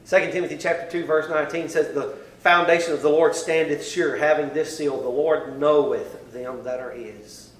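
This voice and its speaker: A male preacher giving a sermon. He recites King James scripture and moves between hushed, quiet passages and loud, pleading ones. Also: a little high, fairly even intonation, normal speed, few pauses, roomy sound, poor audio. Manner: swings from hushed near-whispers to loud impassioned pleading.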